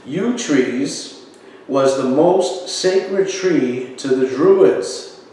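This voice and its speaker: A man's voice: mid-range voice, expressive, drawn-out words, mellow. A man giving an informal religious talk, rambling and emphatic, often stopping to fire rhetorical questions at his viewers. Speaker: Christian video preacher. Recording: very echoey room, distant mic, faint background hiss.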